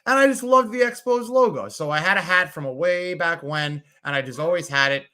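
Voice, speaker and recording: A man from New York, co-hosting a sports podcast, rambling and excitable as he tells stories in casual chat. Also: fairly high pitch, brisk. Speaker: podcast co-host.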